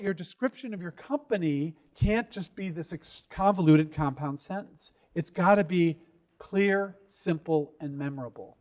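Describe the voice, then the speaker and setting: A middle-aged man with a notably high voice coaches founders in a live workshop. He talks in a lively way, quizzes the room and acts out quotes in his stories. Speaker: investor giving pitch advice. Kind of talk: workshop talk to a live audience.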